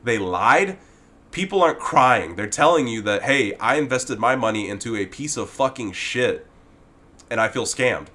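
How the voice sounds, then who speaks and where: A man's voice: mid-range voice, animated, moderate pace, bright, forceful tone. A man ranting in a video about a game's forum moderator, heated and exasperated, swearing often and addressing the moderator directly. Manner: talks directly to the person he criticizes. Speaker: gaming commentator.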